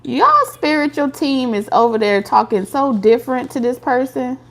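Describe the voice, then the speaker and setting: A woman's voice: high-pitched, normal speed, gravelly. Blunt, slangy woman reading tarot. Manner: blunt, slangy and profane, with laughs. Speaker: tarot reader. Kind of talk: casual tarot reading to viewers.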